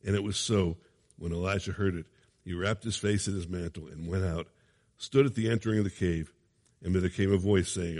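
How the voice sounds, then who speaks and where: A low-voiced male preacher reads scripture dramatically and breaks into relaxed, conversational asides with a chuckle. His voice rings with a long reverb, as in a large hall. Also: moderate pace. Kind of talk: sermon with scripture reading.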